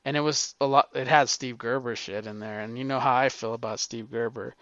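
A middle-aged man in a casual storytelling monologue, rambling and animated, with frequent swearing. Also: mid-range voice, moderate pace, clear, resonant tone, no room sound. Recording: dull lo-fi recording, dry.

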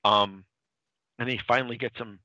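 A man's voice: medium pitch, normal speed, no echo, muffled recording. A man casually recapping a comic book plot on a podcast, rambling with restarts and acting out lines. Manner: animated, dips into quoted character lines. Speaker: podcast co-host.

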